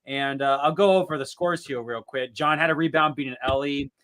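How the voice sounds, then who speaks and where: A man hosting a casual podcast recap over a video call, talking in an animated way with lots of fillers and restarts. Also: fairly high pitch, fairly quick. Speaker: podcast host.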